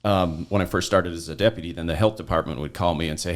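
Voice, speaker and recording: A man's voice: low voice, fairly even intonation, quick pace. A man in his forties from southern Utah, a former deputy, telling rambling stories as a podcast guest and often checking in with "right?". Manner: rambling, keeps tagging lines with "right?". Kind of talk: casual interview storytelling.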